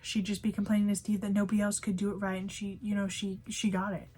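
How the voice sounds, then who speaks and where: A woman's voice: mid-range voice, monotone, fast talker, a little mellow, breathy edge. A young woman vlogger telling a storytime about a past job, chatty and full of fillers like "like" and "you know". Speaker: fast food worker. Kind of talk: storytime vlog.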